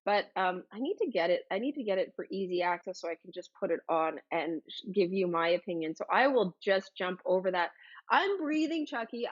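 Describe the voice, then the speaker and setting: A bubbly woman hosting a casual livestream, reading viewer comments aloud with frequent exclamations and fillers. Her voice sits at a middling pitch. The audio is a little dull and lo-fi. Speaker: livestream host.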